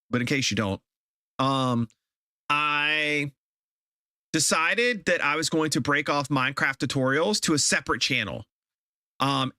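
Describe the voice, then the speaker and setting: A man's voice: medium pitch, sharp tone, no echo, clean studio sound. A man live-streaming a game, chatting casually with viewers and ranting in exasperation, often repeating himself.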